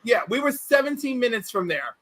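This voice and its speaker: A man hosting a livestream, telling stories in a casual, animated way and acting out quotes. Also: very high-pitched, fairly quick, no echo, rough recording. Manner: animated, acts out quotes, many restarts. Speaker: livestream host. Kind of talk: casual storytelling chat.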